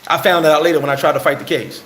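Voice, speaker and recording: A man's voice: on the high side, rapid-fire, echoey room, rough recording. A man, telling a heated story on a casual live stream and answering chat. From New York. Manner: animated, heated storyteller, acts out quotes. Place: bar in the Dominican Republic.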